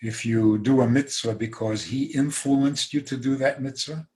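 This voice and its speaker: A man giving a rabbi's talk over a video call, emphatic, with dry humor and soft laughs. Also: medium pitch, steady tone, moderate pace, slight background noise. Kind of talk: talk on a zoom call, answering questions.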